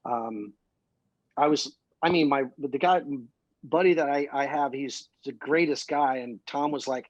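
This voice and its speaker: A male musician guest from Ohio, telling excitable, rambling stories full of fillers in a casual interview. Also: mid-range voice, unhurried, dry recording, muffled recording. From Columbus, Ohio.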